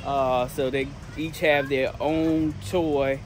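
A woman, talking to her children and viewers in a playful, teasing family vlog with a relaxed drawl and plenty of slang. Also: rumbling low, slow, slight background noise. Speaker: family vlogger. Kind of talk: casual vlog talk to kids and viewers.

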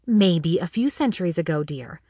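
A woman narrator voicing a prim, proper, haughty older mother in an audiobook, speaking in a low, cool, clipped way. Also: animated, moderate pace, dark tone, husky, no room sound, studio quality. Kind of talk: audiobook character voice.

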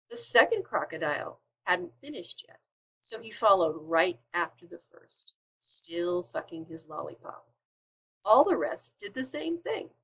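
A woman teacher reading a children's storybook aloud with expressive delivery. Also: mid-range voice, husky, muffled recording.

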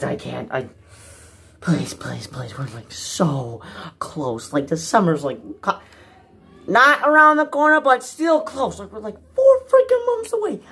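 A young man vlogging as a movie fan, anxious and exasperated, repeating himself and swinging from low mutters to cries. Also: a bit bright, slight background noise. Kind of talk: frantic solo rant.

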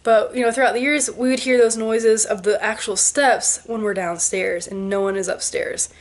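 A woman in her twenties, a vlogger, telling a ghost story to camera in an animated way, with sound effects and quoted voices. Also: a little high, moderate pace. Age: 20s.

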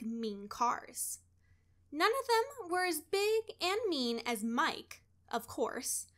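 Here a high-pitched female reader narrates a children's story with deliberate, expressive storytelling.

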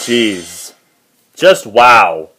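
A man's voice: fairly low pitch, big pitch swings, extremely slow, sharp tone, rough recording. A man giving casual reaction commentary on a cartoon, laughing often and exclaiming again and again. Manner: frequent laughter and repeated exclamations of wow. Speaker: reaction video host. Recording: music playing behind.

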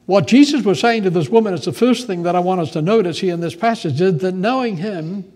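A male pastor delivering a sermon in a fairly high voice. His preaching is animated and conversational. He moves easily between explaining scripture and telling stories. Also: a little fast.

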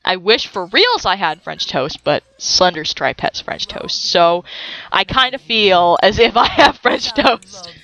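A young woman provides casual, excitable let's-play commentary in a mid-range voice at an unhurried pace. She curses at the game and laughs a lot.

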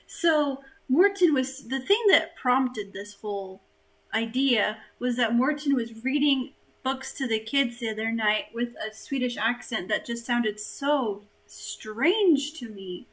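A woman's voice: on the high side, lively intonation, slow pace, a bit bright. A young woman hosting a casual live stream, playful and easy to laugh. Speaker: vlogger host.

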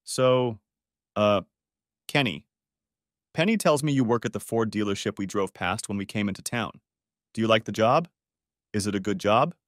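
A man's voice: lowish voice, normal speed, pauses often, no room sound, clean studio sound, natural voice. A man voicing an awkward young man who stammers and apologizes a lot, in a story audiobook. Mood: nervous. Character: awkward young man, nervous and polite, stammers when put on the spot.

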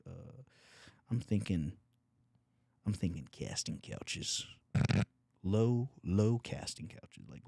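A young man hosting a comedy podcast, launching into crude, rambling rants with a drawl. His voice sits on the lower side. The studio mic gives it a close, dry sound. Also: creaky, darkish tone, husky, no room sound. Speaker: podcast co-host. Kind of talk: casual comedy podcast chat. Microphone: studio microphone.

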